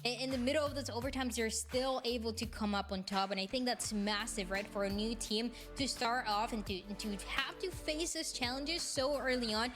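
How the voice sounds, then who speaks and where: A woman analyzing an esports match in a measured way, often restarting her phrases. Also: a little high, over music.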